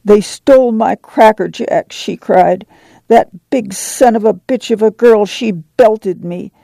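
A man's voice: high-pitched, takes it slowly, creaky, mellow, no room sound, pitched above the performer's own voice, heavily acted. A man voicing a fierce, tearful little girl with a rural drawl, complaining between sobs. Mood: wronged. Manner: sobbing complaint.

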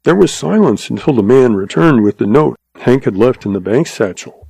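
A man narrating a western story in a steady, measured audiobook reading. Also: medium pitch, gravelly, husky, dry recording.

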